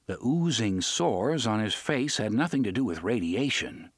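A man narrates an audiobook in a measured, expressive way. His voice is gravelly and moves lively in pitch. The recording is dry and close, with no room sound. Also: no echo. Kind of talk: scripted narration.

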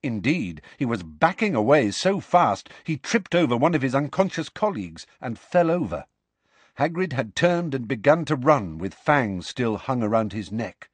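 A man narrating a storybook in an expressive, dramatic reading style. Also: mid-range voice, moderate pace, husky, dry recording. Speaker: audiobook narrator.

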